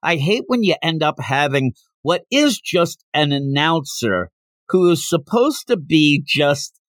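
A man hosting a podcast, casually retelling a manga chapter in an animated way and now and then slipping into character voices. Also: a little high, a little slow, dry recording, studio quality. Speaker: podcast host.

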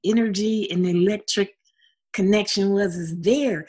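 A woman singer chatting casually as an interview guest, expressive and talkative. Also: medium pitch, unhurried, breathy edge. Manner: expressive and chatty, with frequent laughs.

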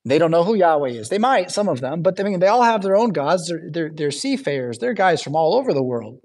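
A man's voice: a little high, big pitch swings, a little fast, darkish tone. A man preaching a sermon in a church in a conversational way, often checking in with his listeners. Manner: chatty asides, checks in with "right?" and "yeah?". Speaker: pastor.

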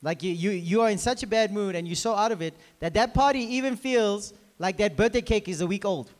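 A man preaching a lively sermon to a congregation in a crowded hall, talking with them conversationally. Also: high-pitched, a little fast. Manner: animated, conversational, talks to the congregation. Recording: reverberant hall.

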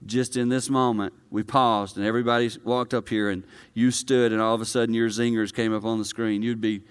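Guy pastor preaching, smooth clear voice, goes from quiet and low to loud and high and excited, talks right at the crowd. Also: a little fast. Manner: conversational, personal preaching with direct address. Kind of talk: sermon to a live congregation.

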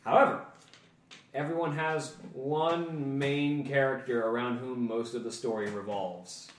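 Man, mid pitch, game master, halting explanations, echoey room, distant mic. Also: steady tone, slight background noise. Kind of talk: casual tabletop podcast talk.

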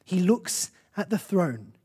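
A breathy, slightly husky preacher delivers a sermon. The pitch sits in a middle range, and the talk is earnest and conversational. Short phrases come back again and again for emphasis. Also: very animated, slow, dark tone.

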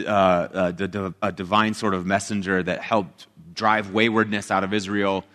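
A man delivers a sermon in a loose, conversational manner, paraphrasing scripture with animated asides. His voice sits on the lower side. A long reverb from the church hall trails each phrase. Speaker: pastor.

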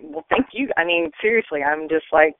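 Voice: mid-range voice, big pitch swings, fairly quick, vocal fry, no echo. A guest calling in to a podcast in casual chat, eager and friendly. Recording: tinny phone line.

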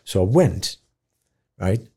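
A man telling a moving story in an interview, acting out other people's voices and dropping to a hush at tender moments. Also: deep voice, takes it slowly, breathy edge. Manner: animated storyteller, acts out voices, drops to quiet. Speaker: guest, dementia campaigner. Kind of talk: storytelling in conversation.

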